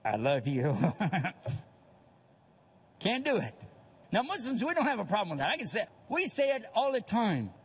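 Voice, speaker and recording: An older man preaching a lively religious lecture, acting out other people's voices for humor. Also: very high voice, quick pace, breathy edge, in a large hall. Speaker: Islamic preacher.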